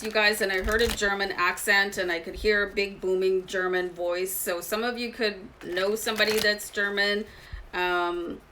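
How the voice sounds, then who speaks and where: A woman's voice: medium pitch, bright, forceful tone, a little hiss or hum, low-quality recording. A woman giving a casual tarot reading to camera, chatty and confiding, talking straight to her viewers. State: slight throat irritation. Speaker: tarot reader.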